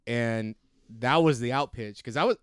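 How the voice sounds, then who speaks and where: A man's voice: mid-range voice, normal speed, smooth. A man co-hosting a podcast, telling rambling stories about his old playing days and correcting himself as he goes. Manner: rambling, self-correcting storyteller. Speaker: podcast co-host. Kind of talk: casual chat.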